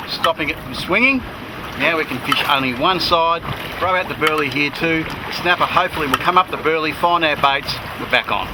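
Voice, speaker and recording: A man with an Australian accent hosting a fishing show from a small boat, chatty and excitable. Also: fairly high pitch. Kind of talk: casual on-water commentary. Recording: outdoor boat noise.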